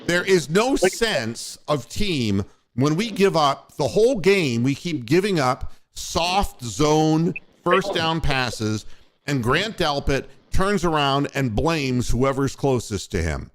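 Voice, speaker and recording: A male sports radio host in a profane postgame rant. His voice sits a bit high and swings widely as he vents, punching out his complaints one after another. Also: very animated, slow, a little hiss or hum. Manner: angry, profane, ranting.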